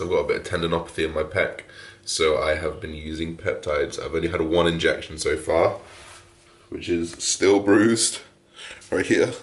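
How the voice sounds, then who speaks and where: Brief: male fitness vlogger, very deep and a touch raspy, frank and casual, echoey room. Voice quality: deep, a little raspy from waking. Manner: frank and chatty, swears casually. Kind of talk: casual vlog chat. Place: at home just after waking, echoey room.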